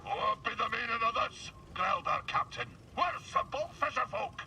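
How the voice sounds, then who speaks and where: Grizzled old alien pirate in a game, high swoopy drawl, kinda far off with faint hiss. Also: male voice, big pitch swings, moderate pace, sharp tone, heavily acted. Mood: storytelling. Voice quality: gruff seafaring pirate drawl. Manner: theatrical storyteller, relishes gory boasts. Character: grizzled alien space pirate, boastful old yarn-spinner.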